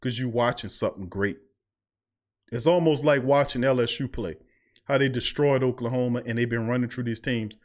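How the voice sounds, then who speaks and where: At a moderate pace and with a somewhat mellow, medium-pitched voice, this sports podcast host gets fired up on his studio mic. Heavy Southern slang colors his preachy delivery, and he keeps circling back to the same phrases to drive points home.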